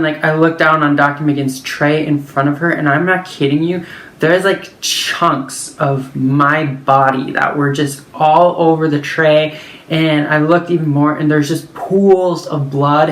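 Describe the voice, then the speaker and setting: A woman telling a personal story in a casual vlog, chatty and full of fillers. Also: low voice. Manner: chatty, filler-heavy, lots of "like". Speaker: vlogger. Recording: echoey room.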